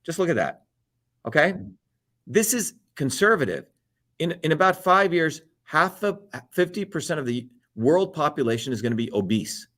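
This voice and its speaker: A man's voice: on the high side, sing-song, moderate pace, a bit bright. A man, a political candidate, ranting emphatically in a heated, profane interview, chanting slogans again and again.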